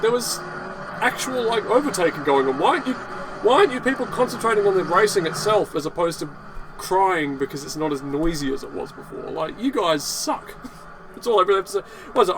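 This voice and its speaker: A man's voice: a little high, a bit bright, a little hiss or hum, poor audio. Sarcastic man ranting casually. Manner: sarcastic, profane, dismissive. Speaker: video blogger.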